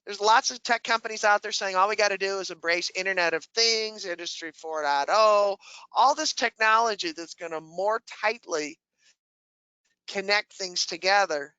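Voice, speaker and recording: A woman's voice: mid-range voice, normal speed, bright, forceful tone, clear, resonant tone, no echo, dull audio. A woman giving a webinar presentation who asks the audience questions and answers them herself, with dry humor.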